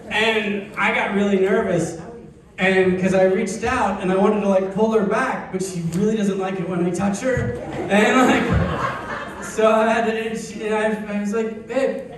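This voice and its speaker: A man performs a stand-up set on a club stage, shifting from dry, deadpan storytelling into sudden squeaky bursts. His fairly high voice rings through a very echoey hall, picked up from some distance. A lively audience murmurs and laughs behind him. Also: moderate pace, crowd noise. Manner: deadpan storytelling with big high-pitched outbursts. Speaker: stand-up comedian.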